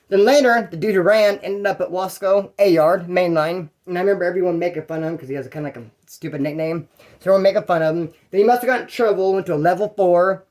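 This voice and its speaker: A man's voice: high-pitched, fast, darkish tone. A man from California telling prison stories in a casual, rambling monologue, swearing freely and acting out what others said. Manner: profane, rambling, acts out others' lines.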